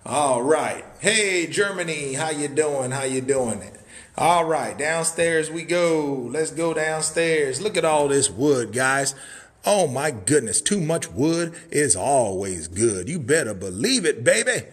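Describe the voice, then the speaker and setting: A man with a slightly high, expressive voice speaks slowly while hosting a hyped live sales stream that tours a wooden cabin. He moves around indoors, full of hype-man catchphrases and sudden whoops.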